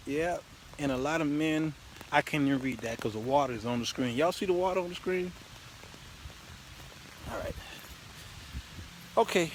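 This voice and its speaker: Black guy hosting his show on a phone, tells stories and does both voices, kinda high, faint hiss behind. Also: unhurried, long pauses. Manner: animated, acts out both sides of a conversation. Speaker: host. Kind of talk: casual live-stream storytelling. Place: outdoors in the rain, then in a car.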